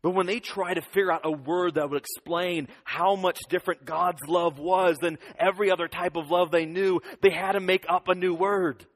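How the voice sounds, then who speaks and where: A man in his thirties giving a lively children's sermon, leading the kids in call-and-response. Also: sits high, normal speed, few pauses. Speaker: children's pastor. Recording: long hall reverb.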